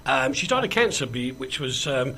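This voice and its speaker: A man's voice: mid-range voice, very animated, moderate pace, bright, forceful tone, slight background noise. A man hosting a casual radio chat show, joking and rambling with frequent ums as he moves between banter and news. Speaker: host.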